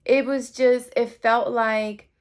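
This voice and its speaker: A woman's voice: fairly high pitch, little pitch movement, slow, smooth. A woman giving a casual tarot reading, talking straight to her viewers in a rambling, heartfelt way. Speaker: tarot reader.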